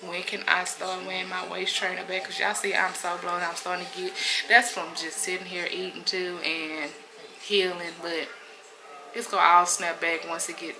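A woman's voice: on the low side, little pitch movement, normal speed, background noise. A woman chatting candidly to camera as a lifestyle vlogger, often calling her viewers y'all. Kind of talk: casual chat to camera.

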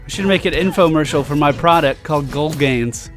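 A man hosting a let's play, giving casual gameplay commentary in an excitable way, swearing often and reacting loudly to loot. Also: on the high side, brisk, few pauses, faint music behind.

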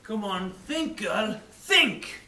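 A woman playing a haughty, irritable gentleman husband in an amateur stage comedy. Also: mid-range voice, animated, extremely slow, heavily acted. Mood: blustering. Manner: haughty, blustering. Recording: echoey theatre hall from far off.

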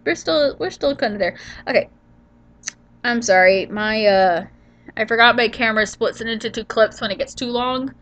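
A woman's voice: on the high side, normal speed, fairly bright tone, highs cut off. A woman giving a casual gameplay voiceover, tired and sniffly from allergies, rambling, yawning and trailing off. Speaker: gaming channel host.

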